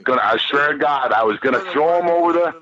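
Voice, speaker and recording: A man's voice: fairly high pitch, quick pace, bright, forceful tone, lo-fi sound. A man who is a guest on a podcast, telling a rambling, heated, profane story and repeating himself as he goes.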